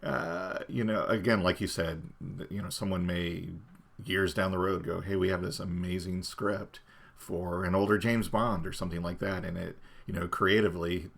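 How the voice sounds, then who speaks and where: A man's voice: low-pitched, steady tone, moderate pace, creaky, a bit bright. A man co-hosting a podcast, chatting casually about films with lots of fillers. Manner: chatty, many fillers like "you know". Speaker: podcast co-host. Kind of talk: casual chat.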